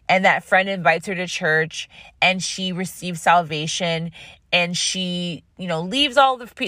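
A woman host telling a story in a casual, animated way, rambling with frequent restarts. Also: fairly low pitch, no echo, studio quality.

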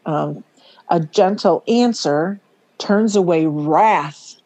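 A middle-aged woman co-hosting a faith podcast, chatting casually, laughing often and slowing down to stress words. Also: on the low side, mellow. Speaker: podcast co-host.

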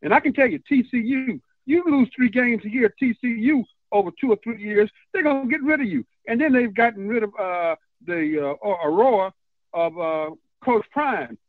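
Calling in by phone to a radio program, a male coach talks earnestly and emphatically, using hesitant fillers. His voice sits high at normal speed with no room sound, over a tinny line.

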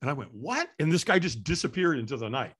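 A middle-aged man, a guest in an interview, telling a story with energy and acting out the voices and shouts of the people in it. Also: mid-range voice, quick pace, breathy edge. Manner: lively, acts out quoted voices and shouts. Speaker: interview guest, firewalk instructor.

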